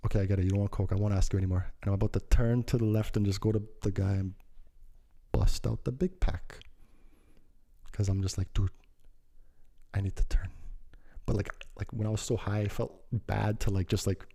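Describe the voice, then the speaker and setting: A man's voice: on the low side, steady tone, brisk, vocal fry, pauses often, dark tone. A young man telling a rambling casual story full of slang, acting out what people said. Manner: rambling, slangy, acts out quoted lines.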